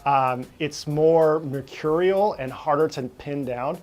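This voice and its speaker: A man who is a pastor, speaking directly and earnestly in a podcast conversation, pausing with fillers. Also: a little high, a little mellow. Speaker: pastor, guest.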